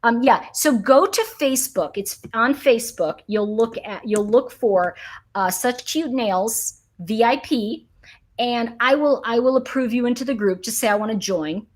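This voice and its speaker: A woman's voice: a little high, moderate pace, few pauses. A middle-aged woman hosting a casual livestream, answering viewer comments and telling a story with a lot of laughter. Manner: animated storyteller, laughs often. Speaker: livestream host.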